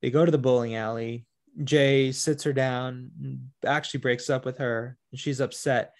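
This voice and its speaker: A man's voice: mid-range voice, steady tone, normal speed. A man in a loose podcast chat about a film he has watched. He talks it through animatedly and acts out the characters' lines as he goes. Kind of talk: casual film discussion.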